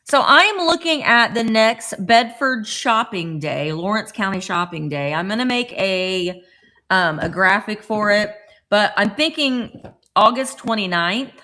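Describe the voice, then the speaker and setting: A woman's voice: mid-range voice, lively intonation, a little slow, bright, forceful tone. A middle-aged woman casually chatting on a morning live stream from home, greeting viewers by name as she talks. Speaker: vlogger hosting a live stream.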